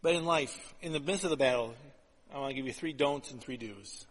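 Preacher man in a reverberant hall. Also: mid-range voice. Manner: storytelling, animated and conversational, with quick repeated restarts. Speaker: pastor. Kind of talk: sermon.

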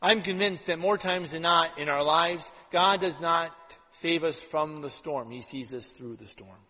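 Man, pastor, sermon, slightly high voice, loud-to-hushed swings, long hall reverb. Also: unhurried. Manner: conversational preaching full of "right?" asides.

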